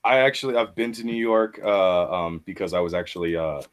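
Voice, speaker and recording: A man on a casual livestream rambles with lots of "uh"s and curses. His voice sits low in his chest. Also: brisk. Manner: rambling, profane.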